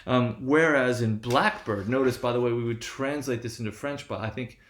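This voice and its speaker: A man's voice: mid-range voice, normal speed, a bit bright, reverberant. A man giving a lecture, explaining step by step and often checking in with "right?". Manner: frequent "right?" checks, restarts. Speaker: linguistics lecturer.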